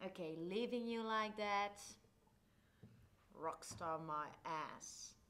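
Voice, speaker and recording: A woman's voice: mid-range voice, slow, fairly bright tone. An actress playing a sardonic female friend who reacts with dry, sarcastic asides on stage. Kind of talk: live stage comedy.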